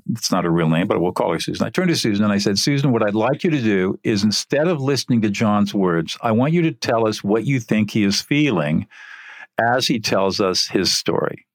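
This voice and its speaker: An older man, an interview guest, telling a story from his work in an earnest, animated way. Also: lowish voice, moderate pace, dry recording, clean studio sound.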